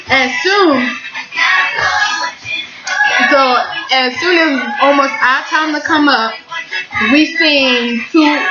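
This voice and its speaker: A teenage girl with a high voice rambles excitedly through a story, swearing freely as she goes. Her voice sounds roomy and a little muffled. Loud music plays behind her. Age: teens. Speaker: vlogger. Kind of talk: casual storytelling.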